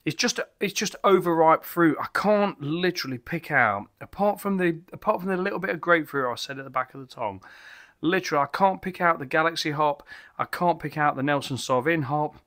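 A man's voice: on the high side, brisk, fairly bright tone. A tipsy man rambles and corrects himself while reviewing a beer at a home bar. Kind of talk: casual beer review vlog.

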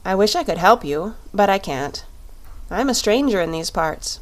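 A woman voicing the Shaggy Man, an easygoing wandering man, speaking low and matter-of-fact in a storybook reading. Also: expressive, moderate pace, close to an everyday voice. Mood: placid.

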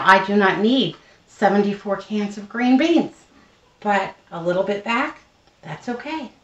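A woman's voice: mid-range voice, lo-fi sound. A woman chatting casually through a home cooking how-to, rambling with plenty of fillers and frugal asides. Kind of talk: casual kitchen how-to chat. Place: home kitchen. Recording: roomy echo, distant mic, faint noise.

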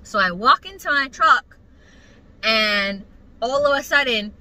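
Young woman, casual vlog, swearing and animated, bright tense voice, fairly high. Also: unhurried, rough recording. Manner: animated, profane, emphatic storytelling. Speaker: vlogger. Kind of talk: casual storytelling to her mother.

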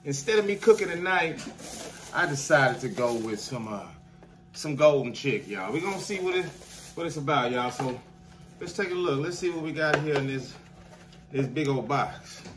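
A man's voice: fairly high pitch, animated, moderate pace, noisy background. A man, a chef, chatting his way through a casual food review at home and constantly addressing viewers as "y'all.". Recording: voice a bit far from the mic.

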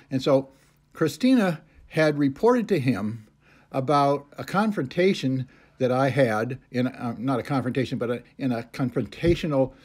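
A man giving an unscripted personal statement about a complaint, halting and full of hesitations, with an aggrieved, insistent manner. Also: mid-range voice. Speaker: complainant recounting a police encounter.

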